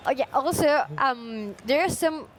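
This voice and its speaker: Bright-voiced woman reading comments. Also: high-pitched, unhurried, a little hiss or hum. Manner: cheerful, reads viewer comments. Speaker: social media presenter. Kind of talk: live stream chat.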